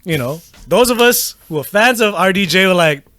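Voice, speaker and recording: A man's voice: sits high, expressive, moderate pace, sharp tone, no echo. A man from Malaysia co-hosting a casual podcast chat, talking animatedly and swearing freely as he acts out reactions. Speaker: podcast co-host.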